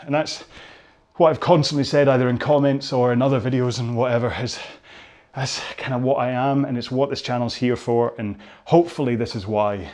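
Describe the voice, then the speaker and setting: A man's voice: mid-range voice, fairly quick, darkish tone. A man hosting a rowing workout from his home garage, chatting casually in a rambling, jokey and self-deprecating way during the cool-down.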